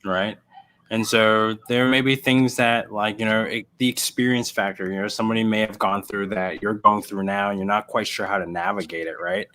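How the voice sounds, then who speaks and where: A man co-hosting a casual livestream chat, telling an anecdote with lively acted-out voices. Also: on the low side, moderate pace, a little hiss or hum. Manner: animated storyteller, acts out voices in anecdotes.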